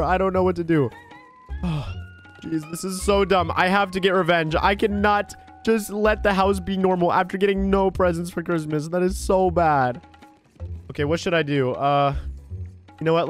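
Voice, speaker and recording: A man voicing a bratty, excitable one-year-old baby boy in a gameplay role-play, whiny and vengeful when upset. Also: high voice, lightly acted. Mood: annoyed.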